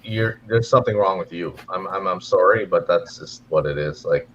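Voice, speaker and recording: A man with a Canadian accent talks in a rambling, stammering way, repeating words as he goes. His voice sits low. The sound is dull and lo-fi with a faint hiss behind him. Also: normal speed, fairly bright tone. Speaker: guest in a live stream chat. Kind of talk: casual chat.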